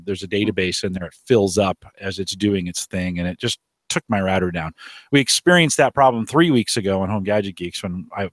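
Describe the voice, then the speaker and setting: There's no echo on this fairly low male voice. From the Omaha area in the United States, the podcast host sits outdoors on a deck hosting a live tech show, rambling casually and starting over often.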